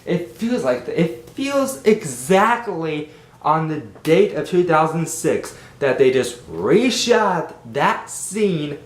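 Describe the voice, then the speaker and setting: A man rambles through a casual movie review, his pitch swinging widely as he gets worked up. He talks slowly and drags out his words. The room sounds echoey, with a faint low rumble behind him. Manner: animated, exasperated, rambling.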